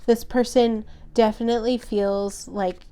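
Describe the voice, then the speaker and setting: A woman doing a tarot reading for her viewers, talking at an unhurried, drawn-out pace. She is gentle and emotional, wanders through her thoughts with plenty of fillers, and sounds a little worn, as if she is losing her voice. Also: on the high side, flat delivery, smooth. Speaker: tarot reader. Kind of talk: pick-a-card tarot reading.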